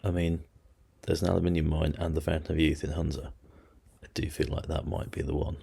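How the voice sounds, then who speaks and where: A man's voice: extremely low pitch, little pitch movement, brisk, vocal fry, dark tone, slight background noise. A man hosting a let's play, giving casual strategy game commentary and muttering to himself with self-deprecating asides.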